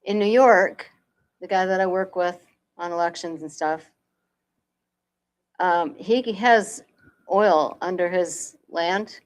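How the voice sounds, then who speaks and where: A woman's voice: lowish voice, takes it slowly, long pauses. A woman co-hosting a political talk podcast, chatting casually and often trailing off mid-sentence. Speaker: podcast co-host.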